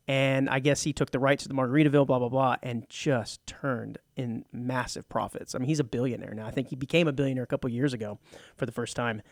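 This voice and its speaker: A man's voice: medium pitch, fairly even intonation, quick pace, no room sound, studio quality. A man from Texas hosting a casual radio talk show, telling rambling stories full of restarts and teasing his co-host. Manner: rambling storyteller with many restarts.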